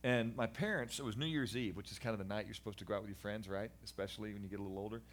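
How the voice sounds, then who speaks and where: A middle-aged man, a guest in a conversation, giving a candid personal testimony about his past in an animated, earnest way with frequent restarts. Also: lowish voice, racing. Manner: animated storyteller, acts out voices of people in his story. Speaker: guest sharing his life story.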